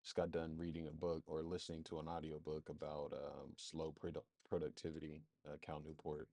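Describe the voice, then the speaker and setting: A man with a very low, dark and mellow voice talks through a screen-share walkthrough, thinking aloud as he goes. His delivery is loose and rambling, full of fillers. The sound is dry and close, with no room echo. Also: completely flat delivery, brisk, gravelly. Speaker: marketing agency presenter.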